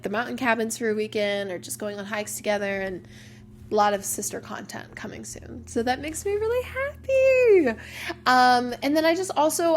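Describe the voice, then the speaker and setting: A woman's voice: on the high side, slight background noise. A young woman hosting a casual personal podcast, talking openly and emotionally with lots of "like" fillers. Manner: chatty, open and emotional, many "like" fillers. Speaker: podcast host.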